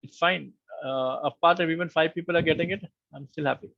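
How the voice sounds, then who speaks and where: A man teaches a live online class in a patient, conversational tone. His voice sits a touch high and has a gravelly edge. The sound is dry and a little muffled, like an online meeting call. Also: a little fast, no room sound. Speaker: online course instructor.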